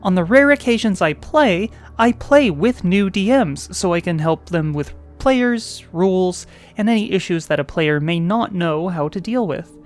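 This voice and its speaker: Expressive woman reading role-playing stories. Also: fairly low pitch, a little slow, faint music behind. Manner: expressive, with playful asides and sighs. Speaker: host and narrator.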